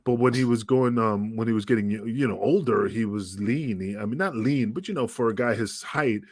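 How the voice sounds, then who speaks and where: A man's voice: on the low side, brisk, dry recording, clean studio sound. A man in his fifties co-hosting a podcast, chatting casually and rambling with many fillers. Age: 50s. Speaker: podcast co-host. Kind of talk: casual chat.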